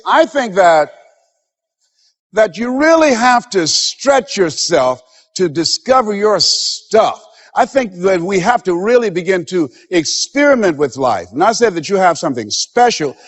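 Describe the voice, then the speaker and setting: Male motivational speaker, emphatic preacher cadence with a fairly high, animated pitch, recorded in a reverberant hall. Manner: emphatic, preacher-like delivery that acts out quoted voices. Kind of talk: motivational seminar speech.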